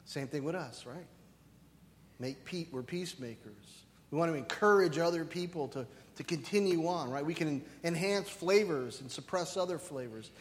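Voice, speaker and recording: A male pastor preaching a lively, conversational sermon, often checking in with "right?". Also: a little high, normal speed. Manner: animated, conversational, keeps asking "right?". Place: church sanctuary. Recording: reverberant hall.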